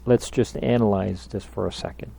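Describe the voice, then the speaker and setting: A man's voice: lowish voice, fairly even intonation, moderate pace, creaky, mellow. A man leading a Bible study, speaking emphatically and asking his listeners questions.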